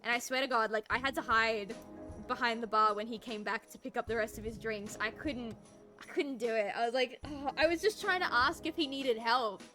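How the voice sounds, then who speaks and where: A young woman chatting with stream viewers while drawing, an animated storyteller who laughs often and pokes fun at herself. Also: on the high side, a little fast, soft background music. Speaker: art streamer. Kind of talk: casual chat with stream viewers.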